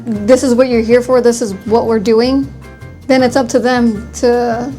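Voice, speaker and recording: A woman talks candidly in a casual podcast chat, reasoning through her point. Her voice is a little high. Faint music plays behind her. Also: fairly even intonation, measured pace, mellow.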